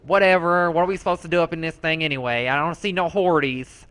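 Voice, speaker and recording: Man playing a sassy profane rogue, brash and slangy, slightly high, bright edgy tone. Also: fairly even intonation, brisk, clean tone, close to an everyday voice. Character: sassy, foul-mouthed rogue gamer character. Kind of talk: comedic character commentary.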